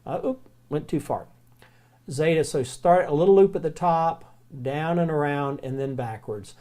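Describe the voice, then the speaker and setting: Relaxed Southern man teaching Greek. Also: fairly high pitch. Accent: Southern American. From American South. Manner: relaxed, chatty, repeats words slowly. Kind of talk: recorded classroom lecture.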